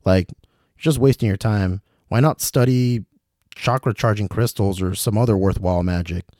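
A man voicing a laid-back young male elf who talks in a slow, hesitant drawl. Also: low-pitched, dark tone, no room sound, studio quality, close to an everyday voice.

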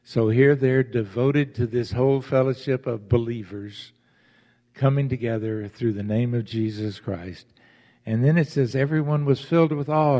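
A man's voice: mid-range voice, warm tone, in a large hall. A man preaching a sermon as pastor, stressing his points by repeating key phrases.

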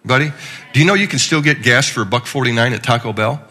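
A man's voice: mid-range voice, fast talker, pushed and bright. A middle-aged male pastor giving a conversational, joking sermon with frequent restarts.

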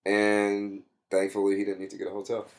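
A young man in a casual interview, telling a personal story and jumping way up in pitch when he quotes himself. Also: rapid-fire, gravelly, slight background noise. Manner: animated, swings his pitch way up when quoting himself. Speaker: guest.

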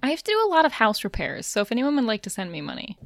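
A woman co-hosting a podcast who talks in a joking, self-deprecating way and laughs often. Her voice sits a bit high and is recorded dry and close, with no room sound. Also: huge pitch swings, very fast, vocal fry, dry recording. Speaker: podcast co-host. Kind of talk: casual chat.

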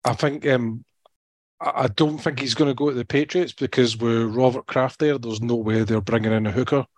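A Scottish man on a sports podcast who hesitates often and slips in dry jokes. His voice is mid-pitched and sounds close and dry, with no room echo. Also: fairly even intonation, moderate pace. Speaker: podcast co-host. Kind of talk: casual sports podcast chat.

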